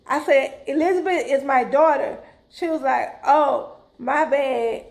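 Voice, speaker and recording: A middle-aged woman, telling her viewers a story in a casual, animated vlog style and calling them "y'all". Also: high voice, measured pace, gravelly. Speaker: vlogger.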